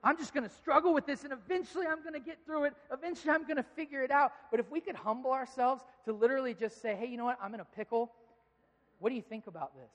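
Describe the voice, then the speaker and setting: A man's voice: very high-pitched, fast talker. Man preaching in a reverberant hall. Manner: conversational storytelling with emphatic, rising pleas. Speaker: pastor. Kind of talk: sermon.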